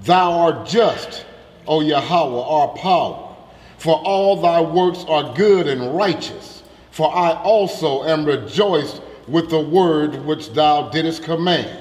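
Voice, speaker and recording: A man's voice: a little high, slow, darkish tone, reverberant, big-room sound. A man reading scripture aloud steadily. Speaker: scripture reader.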